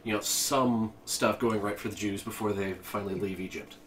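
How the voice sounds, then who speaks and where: A man's voice: on the low side, steady tone, normal speed, fairly bright tone. A man co-hosting a casual podcast chat, rambling as he retells a movie scene with lots of restarts. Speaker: podcast co-host. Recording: distant mic with faint ambient noise.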